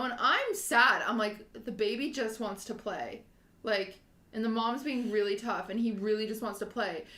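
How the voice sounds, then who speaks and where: A woman's voice: on the high side, fairly bright tone. A young woman in her twenties, co-hosting a podcast, telling a rambling, emotional story and laughing often. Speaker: podcast co-host. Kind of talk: casual chat, animated storytelling. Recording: echoey room.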